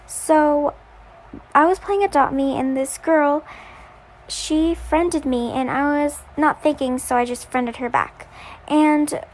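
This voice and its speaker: Young woman, high voice, casual storytime, lots of ums. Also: a little hiss or hum. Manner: hesitant, lots of fillers.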